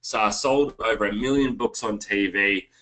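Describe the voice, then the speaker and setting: An Australian man hosts an online webinar with a lowish voice that still sounds bright and forceful. He talks casually and keeps turning to the viewers as guys. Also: moderate pace, poor audio. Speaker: webinar host.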